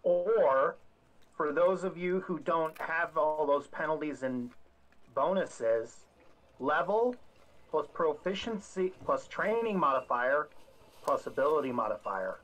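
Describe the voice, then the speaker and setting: A man with a fairly high voice speaks slowly in a casual discussion. He makes dry, joking asides. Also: expressive, a bit bright, poor audio. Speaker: co-host in the discussion. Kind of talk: casual chat.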